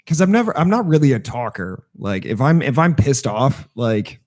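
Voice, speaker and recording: A man in casual podcast banter, stopping and restarting as he hunts for words, cursing freely. His pitch swings widely from phrase to phrase, ordinary in height. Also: sing-song, a little mellow. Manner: halting, searching for words, crude. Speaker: podcast co-host. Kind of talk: casual chat.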